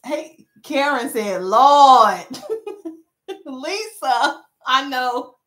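A woman's voice: medium pitch, unhurried. A woman hair stylist chatting casually on a live stream while she works, reading viewer comments and joking with them. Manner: chatty, animated, reads comments aloud.

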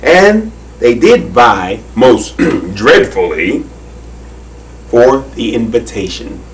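A man's voice: medium pitch, big pitch swings, slight background noise. A man reading a children's story aloud in a leisurely way, drawing out his phrases, heard from a distance. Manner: unhurried, with leisurely drawn-out phrasing.

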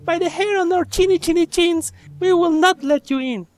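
A man voicing three small timid wolf cubs in a squeaky, chanting voice for a storybook reading. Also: normal speed, a little mellow. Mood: defiant.

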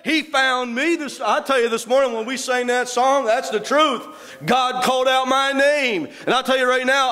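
A man's voice: extremely high pitch, sharp tone. A man preaching a sermon in a church, fervent and folksy, punctuating his lines with amens. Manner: folksy, plainspoken storytelling. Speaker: pastor.

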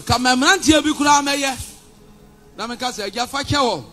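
A man with a Ghanaian accent preaching a fiery, defiant sermon, shouting and mixing Twi and English. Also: extremely high pitch, fast talker, soft background music. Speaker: pastor.

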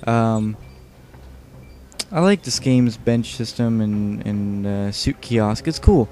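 A man's voice: on the low side, animated, slow pace, warm tone. A tired man giving casual, rambling commentary over a video game, joking and swearing often. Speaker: let's play host.

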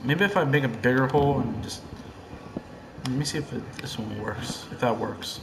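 Excitable, cursing young man gaming. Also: medium pitch, moderate pace, echoey room, background noise. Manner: excitable and profane, swinging between hushed muttering and loud yelling. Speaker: gamer. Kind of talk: casual gameplay commentary.

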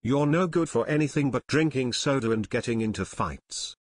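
A man's voice: mid-range voice, animated, normal speed, natural voice. A man voicing a sour, angry crook.

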